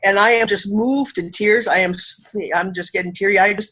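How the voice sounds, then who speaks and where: A woman from Canada, a spiritual teacher and speaker, talking effusively and emotionally in an interview, laughing often and pausing for effect. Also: mid-range voice, steady tone, fairly bright tone, poor audio. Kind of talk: casual interview talk.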